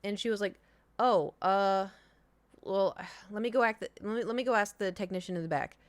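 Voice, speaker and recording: A young woman streamer tells a story in a loose, rambling way, full of fillers and restarts. Her voice sits at a middling pitch. The sound is dry and close, with almost no room around it. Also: moderate pace, dry recording. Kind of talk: casual storytelling chat.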